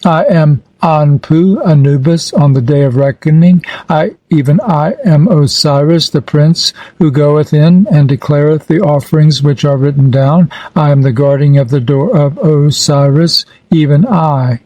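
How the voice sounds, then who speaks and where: A man reading an ancient funerary text aloud in a solemn, measured, declamatory manner. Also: a little high, mellow, no room sound, low-quality recording. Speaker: reader.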